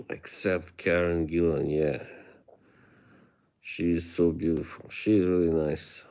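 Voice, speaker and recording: A man from Bosnia with a Bosnian accent, chatting casually with viewers on a livestream into a phone held close to his face, relaxed, chuckling often and trailing off mid-sentence. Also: low voice, slow, clear, resonant tone. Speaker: livestream host.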